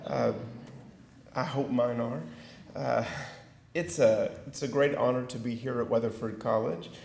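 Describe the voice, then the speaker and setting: Man, rural Texas accent, middle-aged, keynote speaker, folksy self-deprecating banter, slow unhurried delivery, echoey hall. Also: medium pitch, steady tone, gravelly, a little mellow. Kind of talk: keynote speech with audience banter. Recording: echoey hall with faint noise.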